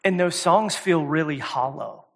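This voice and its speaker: A man preaching a sermon as a guest speaker, talking casually and repeating words, swinging between loud emphatic stretches and quiet soft ones. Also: fairly high pitch, unhurried. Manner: conversational, repeats words and says "y'all" often. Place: church service.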